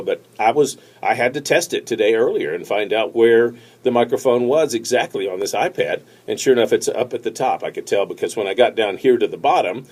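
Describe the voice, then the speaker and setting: A man giving casual tips on presenting, talking to a tablet camera in a relaxed, rambling way with many fillers and restarts. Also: fairly low pitch. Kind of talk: casual instructional talk to camera. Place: seated, recording on a tablet. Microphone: tablet's built-in mic.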